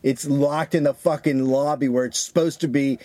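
Medium in pitch and moderate in pace, the recording has no room sound. A male podcast co-host tells an animated story in casual chat, swearing freely and voicing people's lines.

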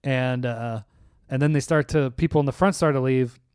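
A man's voice: mid-range voice, normal speed, smooth, no echo, studio quality. A man co-hosting a casual podcast, telling a rambling anecdote and acting out the people in it. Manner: rambling anecdotes with animated quoted voices. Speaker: podcast co-host. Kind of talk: casual chat, storytelling.

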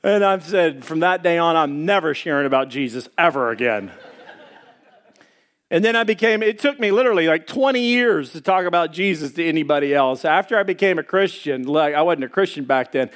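A pastor preaching a sermon and telling a folksy personal story, acting out the voices of the people in it. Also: male voice, fairly high pitch, fairly quick. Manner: folksy, animated, acts out quoted voices.

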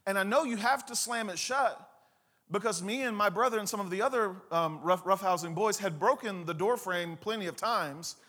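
Animated high-voiced preacher man. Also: moderate pace. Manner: animated storyteller, acts out scenes and quotes. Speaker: pastor. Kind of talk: sermon with storytelling.

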